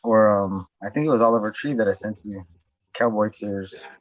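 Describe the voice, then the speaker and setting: A man's voice: lowish voice, moderate pace, no room sound, lo-fi sound. A man chatting casually and rambling, swearing a lot and filling his talk with likes. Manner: rambling, heavy swearing, lots of fillers. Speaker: podcast host. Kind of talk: casual chat.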